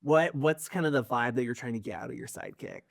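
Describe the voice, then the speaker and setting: A man narrating a tabletop game as game master, describing scenes in a measured, descriptive way. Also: medium pitch, creaky, dry recording, clean studio sound.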